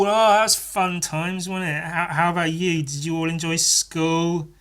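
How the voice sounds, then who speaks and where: A man's voice: a little high, steady tone, unhurried, few pauses, a bit bright, smooth. A young man hosting a podcast, telling stories in a sweary, sardonic way with frequent laughs. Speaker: podcast host. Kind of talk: casual storytelling monologue.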